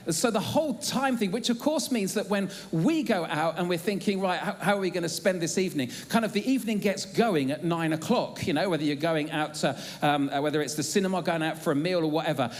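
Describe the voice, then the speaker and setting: A man's voice: a little high, brisk, hardly any pauses. A man, preaching a sermon to a church congregation in a chatty, humorous way with plenty of ums and uhs. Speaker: pastor. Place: church auditorium.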